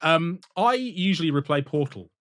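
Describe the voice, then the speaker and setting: A man co-hosting a gaming podcast in casual chat, talking in animated, emphatic bursts and laughing often. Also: a little high, moderate pace, dry recording, clean studio sound. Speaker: podcast co-host.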